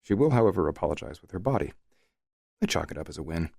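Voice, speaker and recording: A man narrating a first-person romance audiobook in a relaxed, wry manner. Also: low-pitched, fast talker, creaky, no room sound, clean studio sound.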